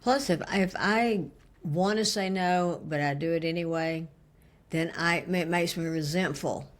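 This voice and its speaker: A woman's voice: on the low side, unhurried. A woman with a Southern US accent co-hosting a casual podcast chat, laughing often and acting out what she said in the past. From American South. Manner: laughs often, acts out quoted lines. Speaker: podcast co-host.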